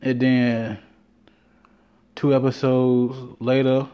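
Dude with a mellow voice rambling on his podcast, cussing a lot, acting out what people said. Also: mid-range voice, little pitch movement, very slow. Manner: loose, rambling, swears freely, acts out quotes. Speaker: podcast host. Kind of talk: casual monologue.

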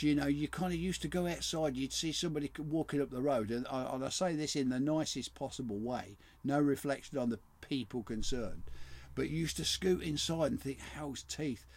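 A man co-hosting a podcast, telling a rambling story in casual chat with frequent restarts. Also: on the high side. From England. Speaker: podcast co-host.

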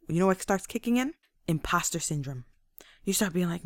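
Energetic woman with a faith-based motivational monologue, voicing doubts in asides, recorded dry. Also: on the low side, no echo. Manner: energetic, acts out inner voices in quick asides. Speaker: motivational speaker.

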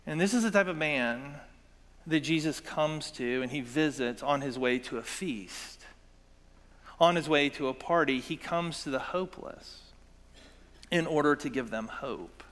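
A man's voice: a little high, measured pace, a bit bright, big-room sound. A man preaching a sermon as pastor, in a conversational, earnest way with asides to his congregation.

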